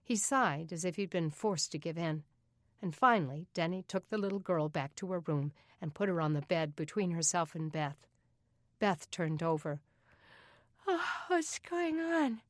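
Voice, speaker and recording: A woman narrating an audiobook in an even, steady reading voice. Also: low-pitched, normal speed, no echo, studio quality. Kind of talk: scripted narration.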